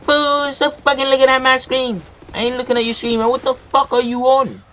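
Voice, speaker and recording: A man voicing a hot-tempered young male gamer who swears and accuses in a high, put-on voice, with game gunfire behind. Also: little pitch movement, fast talker, fairly bright tone, a little hiss or hum. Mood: angry, shrill. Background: video game gunfire.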